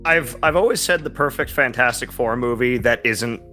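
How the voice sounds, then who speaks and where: Bright-voiced enthusiastic male guest. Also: medium pitch, normal speed, soft background music. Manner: earnest, enthusiastic plugging. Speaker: podcast guest. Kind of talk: casual chat.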